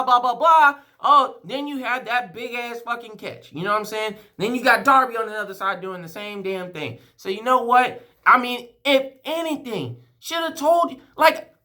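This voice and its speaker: A man's voice: very high-pitched, bright, forceful tone. A sports fan vlogger, a man, giving a heated, profane and emotional rant, rambling and restarting his sentences. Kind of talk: ranting fan vlog.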